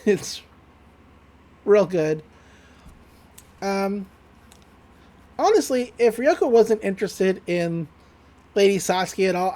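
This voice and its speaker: A podcast co-host giving a casual episode recap, retelling scenes and quoting characters in lively put-on voices, loose and profane, often laughing. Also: medium pitch.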